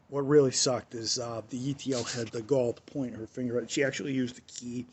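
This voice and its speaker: A husky-voiced man hosting a radio talk show, telling a story casually and loosely. He circles back on his own phrases, piling up ums and "and stuff like that." His pitch sits in an ordinary middle range. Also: darkish tone. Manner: rambling, repeats phrases, many fillers.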